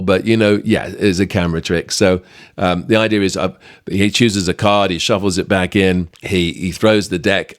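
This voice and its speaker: A middle-aged British man hosting a podcast, chatting lively through a behind-the-scenes anecdote with plenty of fillers. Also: low-pitched, no room sound, clean studio sound. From Britain. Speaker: podcast host. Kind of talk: storytelling anecdote.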